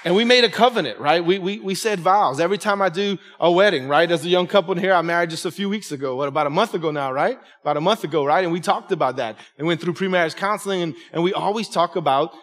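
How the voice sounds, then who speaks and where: Emphatic preaching pastor in a reverberant hall. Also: male voice, high voice, quick pace, few pauses, a bit bright. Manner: emphatic, conversational preaching with repeated "right?". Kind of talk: sermon. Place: church sanctuary with congregation.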